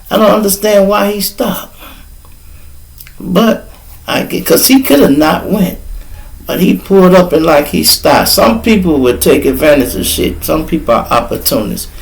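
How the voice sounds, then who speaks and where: A man's voice: high voice, creaky, a bit bright, low-quality recording. A middle-aged man hosting his own show, telling stories in a loose, profane, chatty way. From Chicago. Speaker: podcast host. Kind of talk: casual storytelling.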